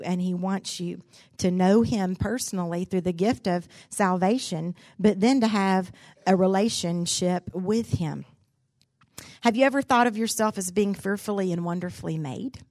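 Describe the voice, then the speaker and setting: A woman's voice: on the low side, darkish tone, no echo, studio quality. A middle-aged woman giving a sermon, telling a personal story and asking the room direct questions. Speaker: speaker at a church gathering.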